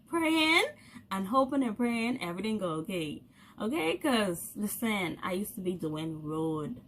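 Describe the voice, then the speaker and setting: A young Bahamian woman vlogger telling a story to camera in a casual, animated way, laughing often and acting out the voices of the people she quotes. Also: mid-range voice, unhurried, slight background noise.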